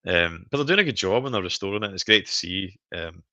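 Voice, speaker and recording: Scottish man, deep gravelly voice, bright forceful tone, lively storyteller. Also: fast, no room sound. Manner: animated storyteller, laughs often. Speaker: stream host. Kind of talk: casual chat.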